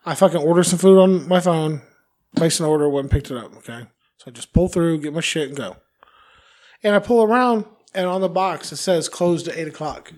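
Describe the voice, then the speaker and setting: High-voiced, fast, profane man. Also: a little mellow. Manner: profane, heated storytelling. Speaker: podcast co-host. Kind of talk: casual chat.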